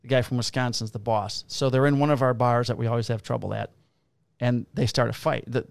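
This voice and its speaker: A man, a police officer co-hosting a podcast, telling work stories in a casual, profane, animated way and acting out the quotes. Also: mid-range voice, fairly quick, vocal fry, clean tone, dry recording. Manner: profane, animated storyteller who acts out quotes. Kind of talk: casual chat, storytelling.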